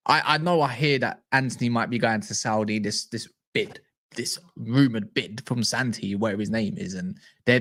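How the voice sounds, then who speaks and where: Excitable man hosting a live chat. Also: medium pitch. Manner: excitable, rambling, self-interrupting. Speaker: football fan channel host. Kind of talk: casual livestream chat.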